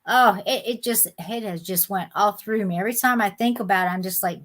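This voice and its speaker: A woman's voice: medium pitch, brisk, a bit bright. A middle-aged woman, chatting with viewers by name while hosting a live sale, indignant and talkative. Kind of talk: casual live-stream chat.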